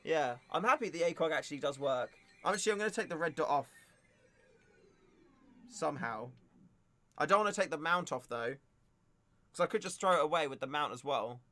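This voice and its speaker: A man's voice: a little high, lively intonation, brisk, pauses often, bright, forceful tone, no room sound. A young man hosting a casual livestream, chatting and joking in a rambling way. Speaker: livestream host. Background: faint music.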